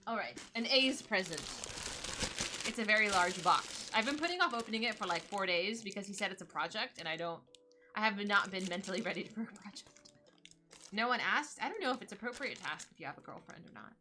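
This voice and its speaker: A streamer in her thirties chats casually on a live stream while opening gifts, bubbly and excitable. Her mid-range voice moves fairly quickly over a noisy background.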